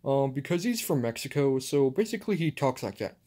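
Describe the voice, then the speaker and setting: Man playing a superhero, male, calm, patient, hesitant, lots of "um", toy play. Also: medium pitch, fairly quick. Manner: hesitant, many fillers. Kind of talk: home toy play-acting.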